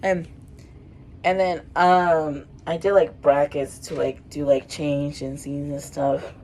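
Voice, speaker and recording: A woman's voice: low-pitched, little pitch movement, takes it slowly, darkish tone, rough recording. A woman in her twenties casually reading her old writing, rambling and self-mocking with lots of fillers. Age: 20s. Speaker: vlogger.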